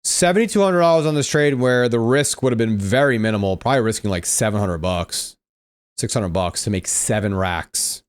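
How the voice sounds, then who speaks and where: A man's voice: on the low side, normal speed, clean tone. Laid-back young man streaming trading lessons. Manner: laid-back, slangy, says bro and dude. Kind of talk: casual live-stream teaching.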